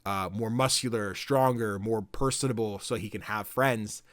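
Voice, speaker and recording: A man hosting a podcast, retelling a game story in casual chat with lots of fillers and lively swings between loud and quiet. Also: on the low side, normal speed, dry recording. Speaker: podcast host.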